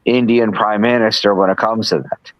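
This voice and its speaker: A man's voice: lowish voice, fairly even intonation, moderate pace, no echo, highs cut off. Rambling male host, dry sound. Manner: rambling, with frequent restarts and asides. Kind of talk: casual political chat. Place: live stream, remote.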